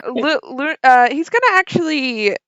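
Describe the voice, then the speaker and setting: A woman serving as game master, narrating a tabletop game in a calm, steady way with some stumbles. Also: high-pitched, a little slow, no echo, rough recording.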